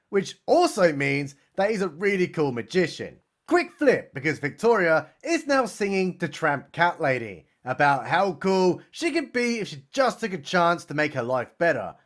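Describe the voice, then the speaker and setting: A man's voice: on the high side, big pitch swings, moderate pace, fairly bright tone. A man with a British accent giving a mocking, exasperated comedic recap of a film, swearing casually as he goes. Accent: British English.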